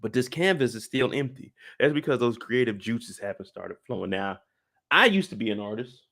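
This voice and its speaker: Male live-stream host, casual recap talk, jokey and animated, mid-pitched voice that jumps high when excited. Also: moderate pace, creaky.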